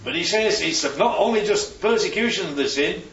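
A man's voice: high voice, animated, fairly quick, a bit bright. A man leading a Bible study, teaching and quizzing the group with questions. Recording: roomy, distant, dull sound.

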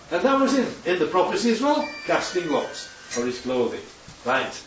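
A man's voice: high-pitched, big pitch swings, moderate pace. A man giving an informal Bible teaching talk, chatty and full of tag questions. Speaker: preacher teaching from slides. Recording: echoey room, distant dull mic, faint hum.

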